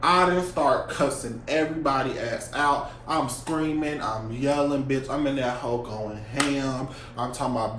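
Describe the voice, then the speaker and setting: Young man, slightly high voice, lively profane storyteller, roomy echo. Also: fairly quick, few pauses. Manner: profane, animated storytelling with slang. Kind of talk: casual storytime vlog. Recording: echoey room with faint hum.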